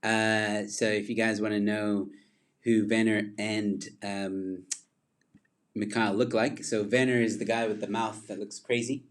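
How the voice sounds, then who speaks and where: A man hosts a loose livestream chat and wanders between topics as he goes. His voice sits a little low, and he breaks into laughter at himself often. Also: level tone, measured pace. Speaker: livestream host.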